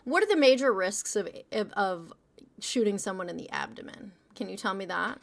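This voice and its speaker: A woman's voice: medium pitch, animated, normal speed, vocal fry. A woman in her forties hosting a livestream call-in debate, blunt, mocking and profane. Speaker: livestream host. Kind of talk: heated political call-in debate.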